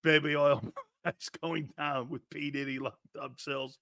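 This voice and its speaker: A man riffs crudely on football players, mocking them in put-on jeering voices and cackling between lines. His voice sits high and sounds bright and sharp. He swings from loud outbursts to low mutters on a close, dry mic. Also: little pitch movement, moderate pace, creaky, no echo. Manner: crude, sarcastic, mimics others in jeering voices. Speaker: sports commentator. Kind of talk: mocking sports talk.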